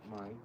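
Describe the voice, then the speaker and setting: A man's voice: far from the mic, slight background noise, low-quality recording. Mocking man trash-talking. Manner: mocking trash talk with loud outbursts. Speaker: livestreamer. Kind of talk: live stream chat while boxing. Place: garage.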